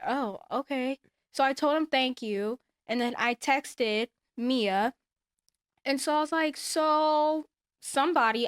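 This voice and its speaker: A woman's voice: a little high, smooth, no echo, clean studio sound. A woman casually telling a personal story, acting out what others said and giving emphatic advice. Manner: animated, acts out others' lines, emphatic advice. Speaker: storyteller sharing a personal experience.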